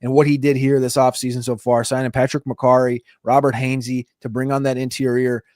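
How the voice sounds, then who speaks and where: A man of middle pitch breaks down football moves on a podcast. He thinks out loud with hedging fillers, and his voice is recorded dry and close. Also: level tone, no echo. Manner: thinking aloud, with hedging fillers and drawn-out pauses. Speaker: fantasy football podcast co-host. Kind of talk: casual sports chat.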